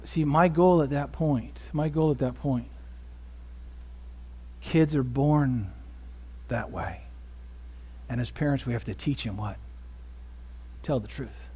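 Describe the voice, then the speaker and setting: A man preaching a sermon as pastor, dropping to hushed asides and rising to loud emphasis, often asking the congregation questions. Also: mid-range voice, takes it slowly, long pauses, husky. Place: church sanctuary.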